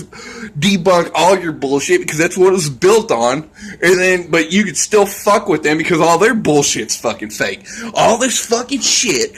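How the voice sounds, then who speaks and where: A man's voice: on the high side, animated, unhurried, husky. A man ranting in a casual vlog, rambling and scornful, swearing constantly. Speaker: vlogger.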